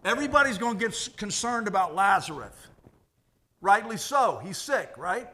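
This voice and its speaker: A man preaching a sermon as pastor, animated and conversational, jumping from loud bursts to hushed asides. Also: sits high, moderate pace.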